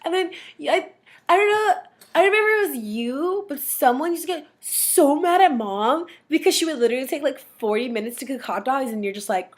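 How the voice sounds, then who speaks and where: Young woman, high voice, rambling sibling memories, giggly, filler-heavy, casual recorded message. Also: lively intonation, fairly quick. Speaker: sibling giving a graduation message.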